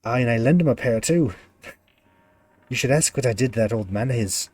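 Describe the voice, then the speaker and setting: A man's voice: mid-range voice, expressive, a little fast, darkish tone, slightly rough. A man doing a brash, scornful spirit woman. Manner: brash, scornful, old-fashioned dialect. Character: fierce old-soul woman inside a young man.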